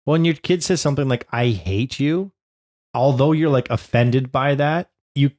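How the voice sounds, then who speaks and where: A man in his thirties, a podcast co-host, chatting casually and acting out quotes in an animated storytelling way. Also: medium pitch, normal speed. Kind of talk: casual chat.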